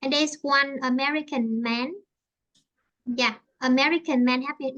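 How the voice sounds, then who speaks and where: Speaking at normal speed, a Vietnamese-accented woman leads a relaxed online English lesson conversation in a high, bright voice. She often hesitates and uses fillers as she searches for words, and the recording's highs are cut off.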